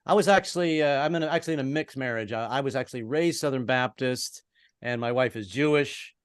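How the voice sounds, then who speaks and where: A middle-aged American man doing an online stand-up set, halting and restarting, with deadpan punchlines. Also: mid-range voice, smooth, dry recording, studio quality. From American East Coast. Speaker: stand-up comedian. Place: home in Brooklyn, online show.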